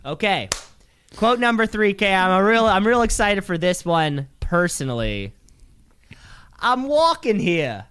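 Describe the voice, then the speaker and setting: A man co-hosting a podcast in casual chat, reading movie trivia in a quick, chatty way. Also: high-pitched, expressive, fairly bright tone, smooth, no echo. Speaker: podcast co-host.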